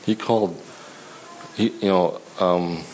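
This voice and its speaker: A man preaching a sermon in a conversational, halting way, often restarting his sentences. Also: deep voice, darkish tone, slight background noise, rough recording.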